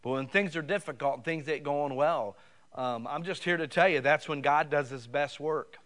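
A man's voice: on the high side, normal speed, fairly bright tone. A middle-aged man preaching a sermon, conversational and rising at times to fervent, raised passages. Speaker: pastor.

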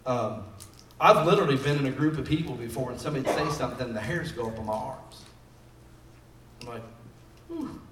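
A man's voice: mid-range voice, brisk, long pauses, a bit bright, distant mic, slight background noise. A man preaching a sermon in a conversational style, building up emphasis on key phrases. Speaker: pastor. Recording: echoey room, voice from off mic.

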